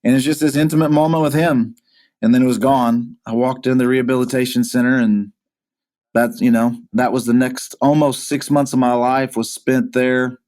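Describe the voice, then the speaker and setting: A pastor being interviewed, earnestly recounting a hard personal story, often halting and repeating words as he goes. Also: mid-range voice, steady tone, darkish tone. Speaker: pastor, podcast guest.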